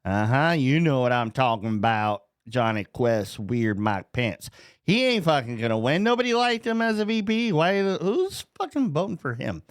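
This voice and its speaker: A man's voice: mid-range voice, very animated, moderate pace, no room sound, studio quality. A man hosting a casual podcast, joking, laughing often and swearing as he talks. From North Dakota. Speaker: podcast host.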